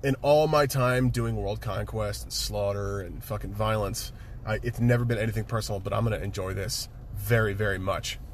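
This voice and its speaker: A cold, gloating giant warlord speaks low and quiet, relishing his threat, as a man puts him on. The tone sits well below an everyday voice, slow and unhurried. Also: slight background noise, lightly acted. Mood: gloating menace.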